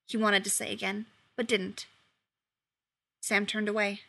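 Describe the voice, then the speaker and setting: A woman reading a story aloud in a lively, expressive way. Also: mid-range voice, a little slow, vocal fry, pauses often. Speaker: reader.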